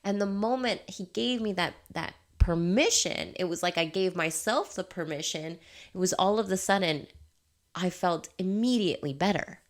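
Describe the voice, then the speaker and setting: A woman's voice: on the low side, normal speed. A woman coaching in a candid motivational monologue, emphatic and laughing often, swearing freely. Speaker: life coach.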